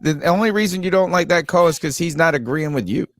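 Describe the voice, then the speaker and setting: A man's voice: on the high side, fast talker, dry recording. A man hosting a sports podcast, taking calls in an easygoing way. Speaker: podcast host. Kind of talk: casual sports chat.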